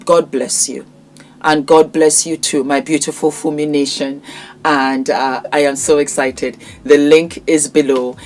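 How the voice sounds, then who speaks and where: A woman hosting her channel, casually promoting products in a gushing, affectionate way and calling viewers darling. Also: deep voice. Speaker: vlog host.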